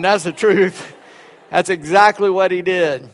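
High-voiced preacher in a reverberant hall. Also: male voice, a little slow. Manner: folksy, repeats words, drawls. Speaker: pastor. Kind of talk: sermon with personal story.

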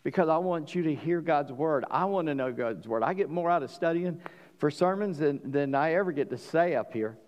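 Preaching pastor in a reverberant hall. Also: male voice, on the high side, animated, moderate pace, darkish tone. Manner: emphatic preaching, rising and falling, questions to the congregation. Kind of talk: sermon. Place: church.

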